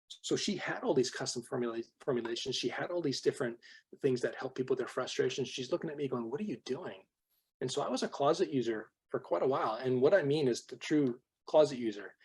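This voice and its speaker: Husky storytelling man on a team call. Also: medium pitch. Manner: animated storyteller, acts out quoted dialogue. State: voice worn from much talking. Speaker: guest trainer on a team call. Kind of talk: personal story talk to a sales team.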